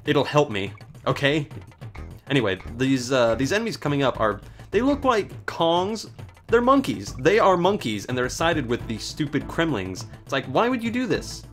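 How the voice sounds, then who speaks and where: Gamer guy narrating his playthrough, sarcastic and swearing, pitch all over the place, faint game music under him. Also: big pitch swings, normal speed, a bit bright. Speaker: let's play host. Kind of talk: casual gameplay commentary.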